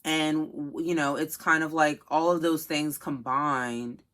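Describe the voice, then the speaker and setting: Woman, podcast co-host, casual chat, bright tense voice, rambling fillers. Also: low voice, fairly even intonation, a little slow. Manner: chatty, full of fillers like "kinda".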